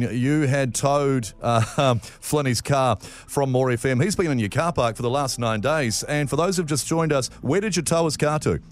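A middle-aged man, hosting breakfast radio and telling a story with laughter and repeated words. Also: mid-range voice. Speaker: radio show host. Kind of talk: casual breakfast radio banter.

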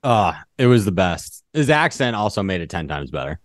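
A man's voice: low voice, big pitch swings, normal speed, no room sound, studio quality. A man in casual chat, giving short, amused reactions to a story. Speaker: podcast co-host.

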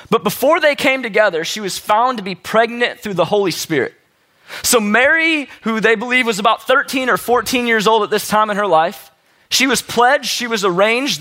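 A man's voice: high-pitched, sharp tone. A man preaching a sermon as a pastor, telling the story in a casual, conversational way.

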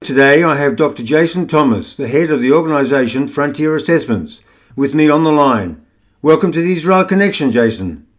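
A man hosting an interview, introducing his guest and prompting him with measured questions. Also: a little high, expressive. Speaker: interview host. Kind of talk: radio-style interview.

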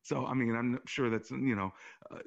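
A man who is a pastor, hosting a call-in faith talk show and telling stories in an animated way, his voice often jumping higher. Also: moderate pace, gravelly, dull audio. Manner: animated storytelling with sudden rises in pitch. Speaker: pastor and radio show host.

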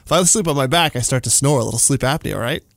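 A man's voice: mid-range voice, fast, no room sound. A man in his forties telling a long story in a rambling, casual way, full of "like" and little chuckles, from a studio. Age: 40s.

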